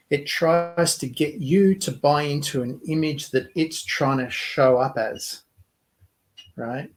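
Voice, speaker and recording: A man's voice: medium pitch, rough recording. A man leading a group discussion, explaining ideas in a reflective way and laughing easily. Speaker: workshop leader.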